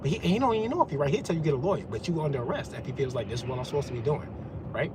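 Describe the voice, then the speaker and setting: A man rants in a confrontational, profane way. His voice sits a little high for a man. There is clear noise behind him, with vehicle sounds. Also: animated, rapid-fire. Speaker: vlogger. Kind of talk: ranting monologue.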